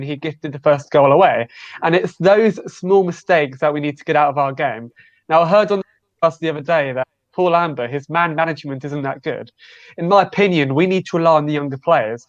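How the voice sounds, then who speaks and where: A man's voice: fairly high pitch, brisk, dry recording, dull audio. A man calling into a fan show, heatedly giving his opinion and stumbling over his words because he is so mad. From lives in Cornwall. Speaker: caller. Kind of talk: heated football phone-in opinion.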